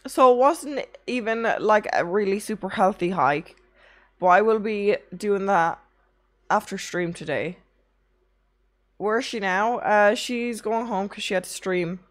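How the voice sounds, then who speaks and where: A woman's voice: medium pitch, unhurried. A young woman streaming, chatting casually with her chat, tired from little sleep, rambling through anecdotes and swearing often.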